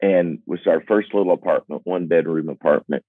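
Sounding like a singer-songwriter thinking out loud, this older man speaks briskly in a deep, low, steady voice. His candid stories are earnest and self-deprecating, full of stops and restarts, and the sound is dry and narrow like a phone line with no room sound.

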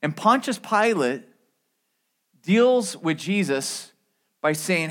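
Male pastor, higher-pitched voice, casual sermon with asides and restarts. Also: expressive, slow pace, long pauses, fairly bright tone. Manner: conversational preaching with asides and repeated restarts.

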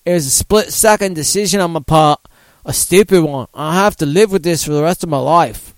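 A man's voice: a little high, fairly quick, no room sound, close to an everyday voice. A man voicing a sixty-year-old Australian man, in a botched Australian accent that drifts Southern. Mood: pleading.

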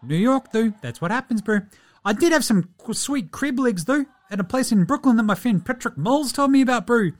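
A man's voice: extremely high pitch, lively intonation, brisk. A man playing a laid-back, friendly New Zealand basketball player in a comedy bit, putting on a New Zealand accent and rambling chummily through a mock diary entry. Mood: easygoing. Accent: New Zealand (put on). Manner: chummy, rambling, says "bro" and "eh" constantly.

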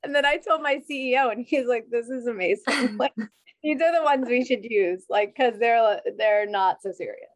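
A woman in her thirties tells stories in relaxed podcast chat, often breaking into laughter. Her voice sits slightly high, and she talks in a loose, chatty flow. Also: normal speed, dry recording. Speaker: podcast guest. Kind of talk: casual chat.

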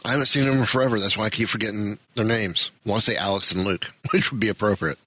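Male podcast host, slightly low and bright, casual and chatty, forgets names mid-sentence, dry close mic. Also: fairly even intonation, fast, no room sound, poor audio. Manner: rambling, self-deprecating, loses his train of thought. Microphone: studio podcast mic.

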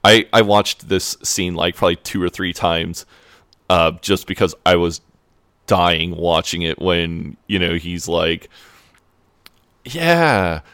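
Deep-voiced man recapping a show. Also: a little slow, clean tone, dry recording. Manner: animated retelling, acting out lines in high mock voices. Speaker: podcast co-host. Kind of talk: casual chat recapping a TV episode.

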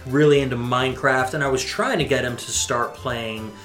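A man's voice: medium pitch, fairly even intonation, moderate pace, a bit bright. Upbeat chatty man in a roomy room. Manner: upbeat, explains at length. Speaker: podcast co-host. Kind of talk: casual chat about game music. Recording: roomy echo, faint music.

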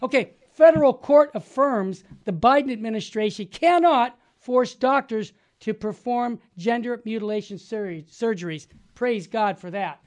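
A man's voice: very high voice, a little slow, hardly any pauses. Emphatic man commenting on news. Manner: emphatic, preachy. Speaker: co-host.

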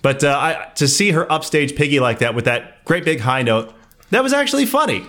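A man co-hosting a podcast in casual, animated chat, laughing often. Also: fairly quick. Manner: animated, laughs often, rises in pitch when excited. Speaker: podcast co-host.

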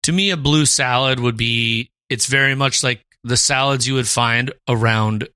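Male podcast co-host, bright middle voice, animated casual chat, dry close sound. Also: medium pitch, moderate pace, clear, resonant tone, no room sound. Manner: animated, quotes lines in put-on voices.

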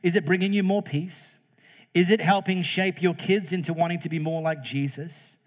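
A man's voice: high-pitched, steady tone, normal speed. A man preaching a conversational, jokey sermon in a church, acting out quoted voices along the way. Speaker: pastor.

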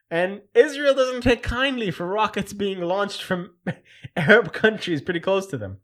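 Animated man riffing in casual commentary. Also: high-pitched. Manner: animated, jokey, loud when mimicking others. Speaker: host.

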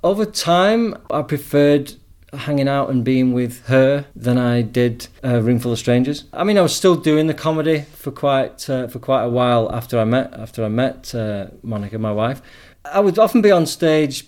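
A middle-aged man from England with an English accent, a podcast guest telling his story in relaxed conversation and often repeating words as he restarts. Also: mid-range voice, moderate pace, few pauses. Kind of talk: casual interview storytelling.

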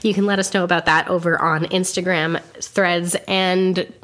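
A woman's voice: on the low side, level tone, normal speed, a bit bright. A woman co-hosting a podcast, chatting casually and sarcastically with many fillers. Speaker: podcast co-host. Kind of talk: casual chat.

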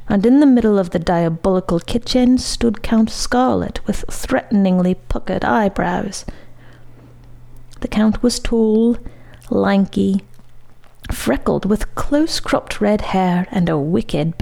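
A woman reading a story aloud in a measured, expressive way. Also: medium pitch, creaky. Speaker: story reader.

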